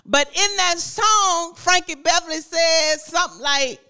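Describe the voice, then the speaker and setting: A woman's voice: extremely high pitch, a little slow. A woman preacher delivering a sermon in a conversational style, repeating phrases, laughing often and talking straight to the congregation. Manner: conversational, lively preaching with repetition and frequent laughter; addresses the congregation directly.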